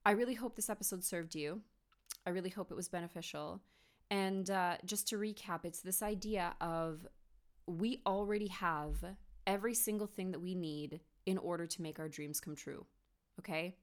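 A woman's voice: on the low side, moderate pace. A woman hosting a solo motivational podcast from her home office, speaking earnestly and encouragingly, with many rhetorical questions. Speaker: podcast host.

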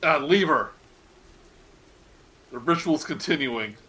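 A man's voice: a little high, lively intonation, takes it slowly, bright, forceful tone, voice pushed up, exaggerated voice, rough recording. A man voicing a panicky masked male cultist in a tabletop game, frantic and barking orders. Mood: commanding.

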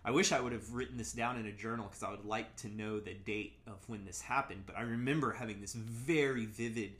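Speaking as an interview guest, a man looks back on his past in a casual, reflective way, often restarting and leaning on "like" and "you know" as he hesitates. His voice is fairly low and fairly bright, with fairly even intonation and a fairly quick pace.

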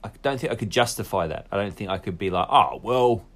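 Chatty podcast co-host with a cold. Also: male voice, lowish voice, quick pace. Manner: chatty, playful, mock-earnest. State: slight cough from a cold. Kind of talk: casual chat.

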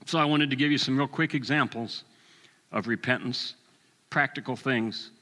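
Bright-voiced older man preaching in a hall. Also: medium pitch, normal speed. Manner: animated storytelling, acts out voices with chuckles. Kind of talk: sermon with personal story.

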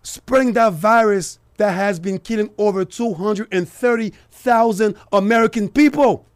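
A man whose voice sits high talks at normal speed as he hosts a talk radio program. He gives heated, emphatic political commentary and addresses his listeners directly.

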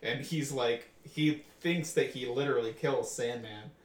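A man co-hosting a casual chat podcast, laying out plot points in a relaxed, explanatory way. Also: mid-range voice, measured pace. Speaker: podcast co-host. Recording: echoey room, far from mic.

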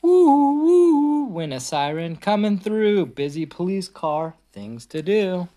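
A young woman reading a picture book aloud at home, animated and sing-song. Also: deep voice, a little slow.

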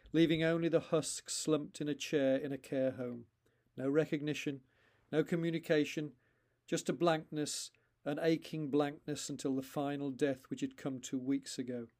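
Male author-narrator; deliberate, paused storytelling with a somewhat high voice. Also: darkish tone. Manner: slow, deliberate, with pauses between phrases. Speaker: author reading his own story.

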